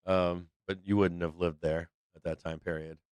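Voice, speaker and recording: A man's voice: low-pitched, little pitch movement, moderate pace, a little mellow, clear, resonant tone, no room sound. Rambling, profane man from Boston. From Boston, USA. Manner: rambling, profane, with frequent fillers. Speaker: live stock market show host. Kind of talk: casual livestream chat.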